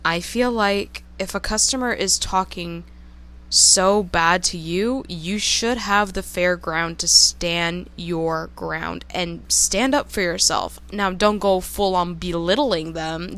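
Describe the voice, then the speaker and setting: A woman's voice: lowish voice, slow pace, fairly bright tone. A young woman telling a personal story in a casual vlog monologue, candid, emotional and openly profane. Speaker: storytime vlogger.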